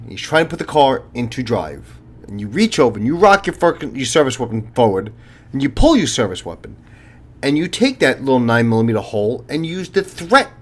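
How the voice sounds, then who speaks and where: Blunt, swearing retired cop in his fifties. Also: medium pitch. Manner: blunt, profane, lecturing. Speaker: retired police officer, channel host. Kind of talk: casual monologue to viewers.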